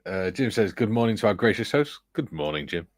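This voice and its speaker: A man's voice: lowish voice, lively intonation, a little fast, no room sound. A man hosting a casual livestream, reading viewer comments aloud with a chuckle. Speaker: livestream host reading chat. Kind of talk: casual chat.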